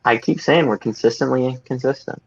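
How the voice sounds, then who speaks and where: Gravelly-voiced man co-hosting over a muffled lo-fi call, dry and laid-back. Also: mid-range voice, a little fast. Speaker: podcast co-host. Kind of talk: casual chat over a call. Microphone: remote call mic. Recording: dull lo-fi call audio.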